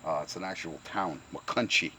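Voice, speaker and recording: Gruff older man with a slight Pennsylvania Dutch accent. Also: deep voice, normal speed, a bit bright, a little hiss or hum. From Pocono Mountains, Pennsylvania. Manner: gruff, blunt, profane, repeats words. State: worn out from heat. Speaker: retired truck restorer. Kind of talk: rambling casual workshop vlog. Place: home workshop.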